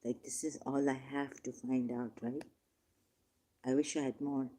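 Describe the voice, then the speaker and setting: A man reading scripture verses aloud and commenting on them, turning emotional, shifting between quiet musing and loud, drawn-out declaiming. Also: medium pitch, level tone. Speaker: religious commentator.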